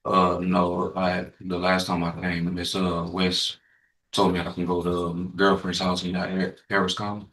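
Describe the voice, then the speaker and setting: Quiet deep-voiced man, far from the mic. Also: monotone, unhurried. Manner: quiet, terse. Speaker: defendant. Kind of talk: answering in court. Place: courtroom. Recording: distant from the microphone.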